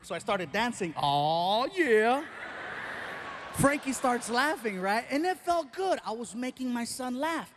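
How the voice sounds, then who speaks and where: Middle-aged guy doing stand-up, high voice, big animated storytelling, faint room hum. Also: normal speed, few pauses. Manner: animated, exaggerated storytelling with punchlines. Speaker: stand-up comedian. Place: live comedy stage.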